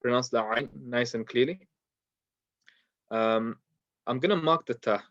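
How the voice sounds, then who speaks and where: A man teaching a Quran pronunciation lesson, patiently explaining mistakes and repeating words slowly for practice. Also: medium pitch, a bit bright, no echo. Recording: dull, dry lo-fi sound.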